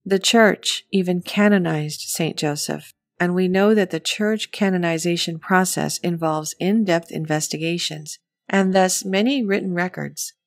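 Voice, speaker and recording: A woman reading a scripted documentary narration in an even, measured way. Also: on the low side, no room sound, studio quality.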